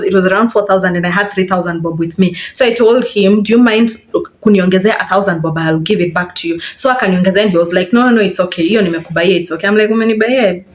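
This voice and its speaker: Kenyan woman telling an animated storytime. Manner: animated, switching between English and Swahili slang, acts out quotes in a high voice. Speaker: vlogger. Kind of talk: casual storytime while getting ready.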